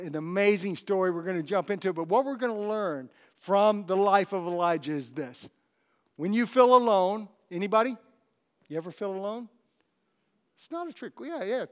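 A man with a high-pitched voice preaches a sermon. He tells the story with animated energy and turns to ask his congregation questions. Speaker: pastor.

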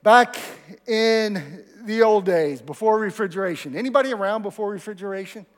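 A man's voice: sits high, moderate pace, big-room sound. A man preaching a sermon as pastor of his church, talking conversationally and asking the congregation questions. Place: church sanctuary.

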